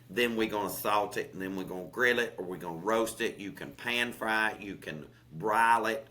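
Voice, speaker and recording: A chatty Southern man with a bright, forceful voice, talking through recipes in a loose, folksy way. He keeps checking in with listeners with an "okay?" and calls them "honey". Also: fairly low pitch. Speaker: chef and podcast co-host. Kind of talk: casual cooking chat.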